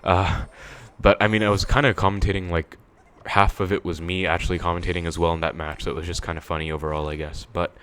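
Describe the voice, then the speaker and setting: A man's voice: deep voice, little pitch movement, fast talker, few pauses, a bit bright, clear, resonant tone. A young man giving casual commentary on his own gameplay, thinking aloud with many fillers. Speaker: gaming video creator.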